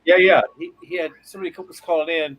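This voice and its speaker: A man chatting as co-host, blunt and profane, jumping in with quick remarks. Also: on the high side, fairly even intonation, a bit bright, poor audio. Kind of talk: casual chat.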